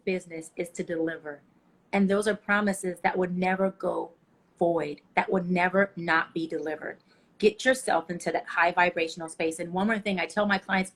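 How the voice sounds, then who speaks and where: A woman guest giving passionate motivational advice in an interview, telling stories with feeling. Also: lowish voice. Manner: passionate, preachy, animated storytelling. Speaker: life coach guest.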